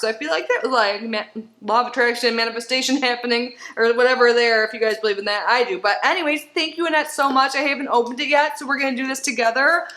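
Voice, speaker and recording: A middle-aged woman hosting a casual unboxing video, gushing and excitable, often gasping and laughing at each item from her desk at home. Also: sits high. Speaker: YouTube unboxing channel host. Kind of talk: casual unboxing chat to camera. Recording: roomy home room with faint noise.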